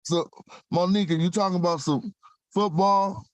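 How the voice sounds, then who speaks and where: A man's voice: sits high, fairly even intonation, normal speed, dry recording. A man hosting a casual video call chat, talking in a laid-back, slangy, talkative way. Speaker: host of a video call show.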